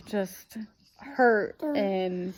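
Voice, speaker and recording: A woman's voice: medium pitch, extremely slow. A young woman vlogger retelling a hard weekend in a rambling, emotional way, full of fillers. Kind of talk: casual storytelling.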